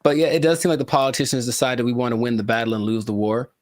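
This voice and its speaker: Playful podcast co-host with theatrical asides. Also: male voice, mid-range voice, fairly even intonation, fast, no echo, clean studio sound. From California. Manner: playful, dramatic asides, repeats himself. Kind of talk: casual podcast chat.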